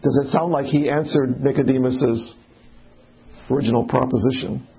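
A man's voice: medium pitch, steady tone, moderate pace, gravelly. A man leading a casual Bible study, talking in a conversational way and putting questions to the group. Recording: tinny phone-like recording.

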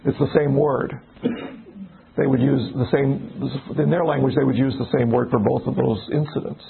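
A man's voice: mid-range voice, steady tone, moderate pace, vocal fry, phone-quality sound, slight background noise. A man leading an informal Bible study, talking conversationally, restarting sentences and acting out little exchanges. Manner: conversational, restarts often, acts out little dialogues. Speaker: pastor.

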